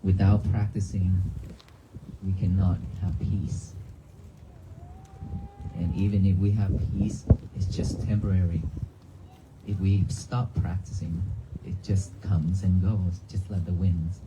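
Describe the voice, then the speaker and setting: A man's voice: low-pitched, flat delivery, slow, long pauses, background noise. A man, a monk giving an earnest sermon to a crowd in a church cemetery, speaking in simple phrases and asking them questions. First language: Vietnamese. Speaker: monk giving a dharma talk.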